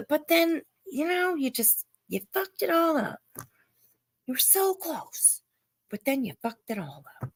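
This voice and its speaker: A woman's voice: high voice, big pitch swings, unhurried, no room sound, studio quality. A woman hosting a live stream, reacting to a clip with sarcastic, mocking commentary and greeting her viewers.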